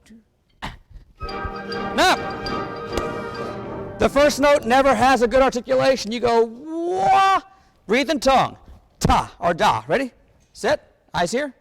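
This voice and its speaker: A man's voice: very high voice, lively intonation, a little slow, creaky, long pauses, soft background music. A man leading a wind band rehearsal, energetically coaching the players and singing rhythms on syllables. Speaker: band clinician conducting a rehearsal. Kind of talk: rehearsal instruction. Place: large rehearsal hall with a band. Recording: long hall reverb.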